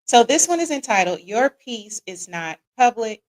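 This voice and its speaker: A woman's voice: a little high, sing-song, normal speed, poor audio. An American woman hosting a live-streamed relationship talk show, chatty, greeting viewers by name and tagging lines with "right?". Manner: repeats "right?" as a tag; casual Southern-leaning slang, "y'all". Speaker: podcast host.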